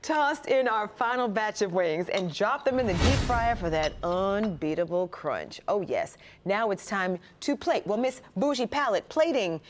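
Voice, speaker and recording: A woman hosting a television cooking segment, lively and playful as she chats with her guest chef. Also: mid-range voice, measured pace, few pauses, a little hiss or hum. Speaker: cooking show host.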